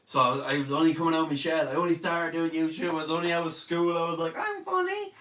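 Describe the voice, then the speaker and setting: Here the online comedian, a young man with an Irish accent, rattles off his words in a flat, fairly bright, fairly high voice. Sick in bed, he chats casually on a live stream, reading viewer comments with jokes and boasts, captured in a roomy space far from the mic.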